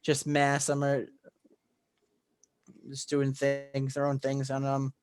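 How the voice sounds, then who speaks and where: A man co-hosting a podcast, recapping a film in casual chat, excitable and rambling with lots of fillers and restarts. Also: medium pitch, slow, music in the background. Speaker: podcast co-host.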